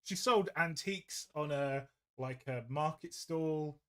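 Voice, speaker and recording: A chatty man with a fairly high-pitched voice. He tells rambling stories at his painting desk, laughing often as he goes. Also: takes it slowly, clean tone. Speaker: host of a painting livestream. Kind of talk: casual chat.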